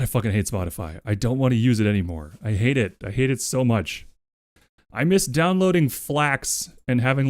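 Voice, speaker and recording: A man's voice: medium pitch, darkish tone, dry recording, clean studio sound. A man live streaming who chats casually with his viewers, rambling, swearing freely and thanking them over and over. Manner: rambling, profane and effusively thankful.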